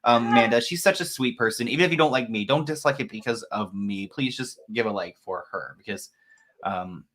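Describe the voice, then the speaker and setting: A man chats on a live stream in a loose, rambling way, full of fillers and shout-outs to viewers. His voice is bright and forceful, at an ordinary pitch. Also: a little fast. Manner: chatty, rambling with fillers, greets viewers by name. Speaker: host. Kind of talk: casual live-stream chat.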